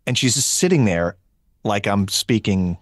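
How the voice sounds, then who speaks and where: A man in his fifties, a voice actor guest on a podcast, telling animated stories in casual chat. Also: on the low side, moderate pace, no room sound, clean studio sound. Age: 50s. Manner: animated storyteller, acts out others' voices.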